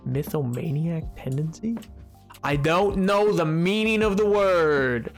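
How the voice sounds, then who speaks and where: A young man streaming a survival game, chatting casually with his viewers, joking and bragging in a rambling way with quick laughs. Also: fairly high pitch, expressive, soft background music. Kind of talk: casual chat while playing a game.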